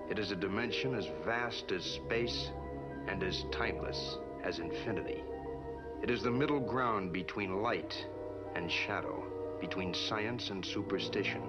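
A man voicing a grave, mysterious television narrator in a solemn scripted opening, with measured, portentous delivery. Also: low voice. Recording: dull lo-fi archive audio with loud music.

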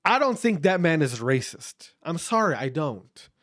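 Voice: mid-range voice, sing-song, a little slow, fairly bright tone. A speaker giving an opinion rant to camera, emphatic and blunt, firing off repeated rhetorical questions and swearing for emphasis.

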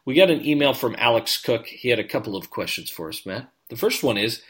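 Lively, bright-voiced man talking sports. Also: medium pitch. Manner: animated, quick restarts. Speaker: podcast co-host. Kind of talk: casual sports chat.

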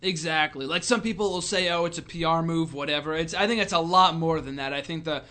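A man's voice: on the high side, quick pace, bright, forceful tone. A man hosting a casual podcast, chatting easily and laughing along with his guests. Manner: easygoing, laughs along often. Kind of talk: casual wrestling podcast chat.

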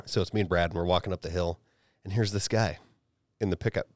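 A man's voice: sits low, fast talker, no echo, studio quality. A man hosting a podcast, telling a story in casual chat with lots of swearing and acted-out quotes. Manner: profane, animated retelling with acted quotes. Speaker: podcast host.

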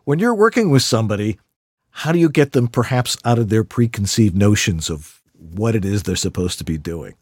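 A man's voice: fairly low pitch, fairly quick, dry recording, clean studio sound. A man hosting a casual interview, rambling and playful as he asks questions. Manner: rambling, animated, playful asides. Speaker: podcast host.

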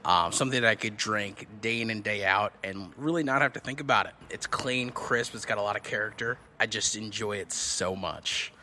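Bright-voiced man rambling earnestly. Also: fairly low pitch, normal speed, hardly any pauses, a little hiss or hum. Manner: rambling, many ums, earnest. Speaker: guest. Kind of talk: casual chat.

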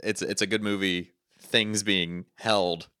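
Deep, bright-toned man recapping a movie. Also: fairly even intonation, takes it slowly, clear, resonant tone, no room sound, clean studio sound. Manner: laughs often, recaps plot with jokes. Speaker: podcast co-host. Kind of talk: casual movie review chat.

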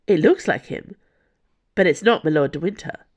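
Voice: medium pitch, animated, moderate pace, close to an everyday voice. The narrator voicing an observant young woman musketeer who speaks in urgent, clipped bursts.

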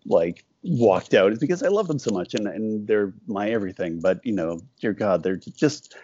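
A man's voice: low-pitched, a little mellow, dry recording, highs cut off. A man being interviewed about his cartoons. He talks casually and rambles, breaking off often and acting out little quoted exchanges. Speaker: cartoonist guest.

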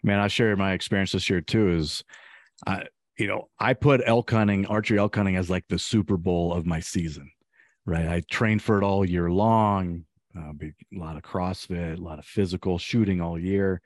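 Earnest podcast host, low dry voice. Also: male voice, moderate pace, dry recording. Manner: earnest, animated, acts out quotes. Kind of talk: casual podcast chat.

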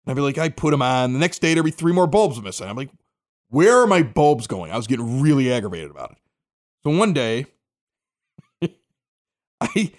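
A middle-aged man from the Chicago area hosting a local podcast, telling a story casually and acting out the quotes. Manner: animated, acts out quotes with big pitch jumps. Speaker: podcast host.

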